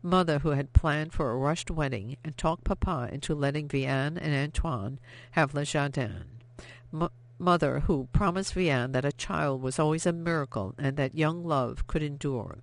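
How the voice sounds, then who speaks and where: Steady, expressive audiobook narrator. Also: mid-range voice, moderate pace. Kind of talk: scripted narration of a novel.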